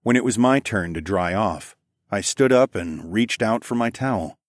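A very deep-voiced male narrator delivers a first-person erotic audiobook, low and intimate yet animated, never rushing. It's recorded close to the mic and dry, without any echo.

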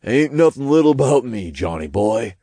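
A man's voice: medium pitch, very animated, moderate pace, dark tone, no room sound, voice pushed up. A man voicing a cocky, brash male sidekick who talks in a boastful, snickering way.

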